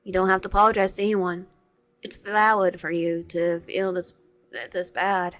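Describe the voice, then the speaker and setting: A woman voicing a kind player character in a visual novel, speaking gently and reassuringly. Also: on the low side, level tone, moderate pace, no room sound, natural voice. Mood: comforting.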